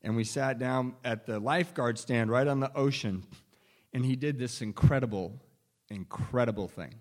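A man's voice: medium pitch, normal speed. A man telling a candid personal recovery story in a wry, self-deprecating way, often restarting sentences and chuckling. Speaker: speaker sharing a recovery story.

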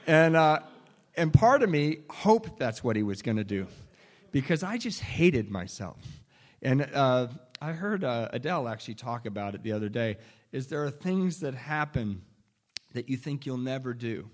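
A man's voice: medium pitch, expressive, normal speed. A man telling a candid personal recovery story in a wry, self-deprecating way, often restarting sentences and chuckling. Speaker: speaker sharing a recovery story.

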